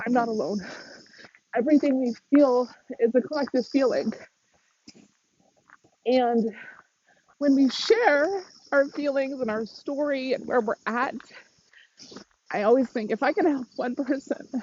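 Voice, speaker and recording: A woman's voice: sits high, a little mellow, slightly rough, no room sound, lo-fi sound. A woman, a mindset coach, talking candidly and emotionally on a live stream while walking outdoors, laughing often. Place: outdoors on a windy walk. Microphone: phone.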